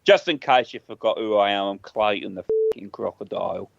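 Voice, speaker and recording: Brash Australian crocodile, low, rough voice, voiced by a man. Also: a little fast, dry recording, dull audio. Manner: brash, swearing self-introduction. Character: foul-mouthed male Australian crocodile.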